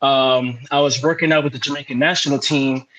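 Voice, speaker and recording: Chatting casually as an interview guest, a young man who broadcasts sports relates lively stories, often restarting and using fillers. He talks fairly quickly in a mid-range voice over a rough recording.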